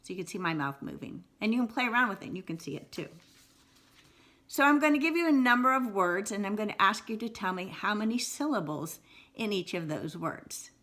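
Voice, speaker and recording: A woman teaching a video lesson on syllables, repeating words slowly and exaggerating them, with encouraging asides. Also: mid-range voice, animated, fairly bright tone. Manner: slow, exaggerated word repetition, encouraging. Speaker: writing teacher.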